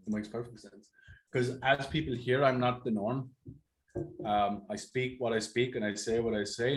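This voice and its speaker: A man's voice: fairly low pitch, husky. A man hosting a casual interview as a sales mentor, talking bluntly and swearing freely.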